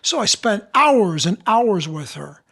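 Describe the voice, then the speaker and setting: A man with a fairly high voice talks as a podcast guest. He tells his stories with animation and acts out the people he quotes. He speaks as a seasoned actor and dialect coach. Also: sing-song, slow, creaky, fairly bright tone. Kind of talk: casual interview storytelling.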